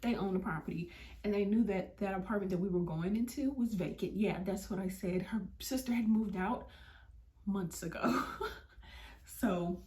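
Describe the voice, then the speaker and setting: A young woman vlogger telling a story, animated and slangy. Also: medium pitch, normal speed. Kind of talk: storytime vlog. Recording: roomy, mic at a distance.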